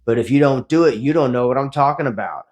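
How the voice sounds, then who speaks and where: A man's voice: medium pitch, quick pace, darkish tone. A man in his forties giving a blunt, profane motivational talk after a workout, speaking as a fitness vlogger. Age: 40s.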